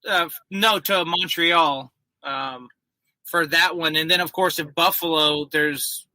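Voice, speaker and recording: A man's voice: on the high side, fairly even intonation, unhurried, bright, forceful tone, no room sound, low-quality recording. A man chatting casually, rambling and joking as he talks. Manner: rambling, joking, loose storytelling. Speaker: guest. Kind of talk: casual chat.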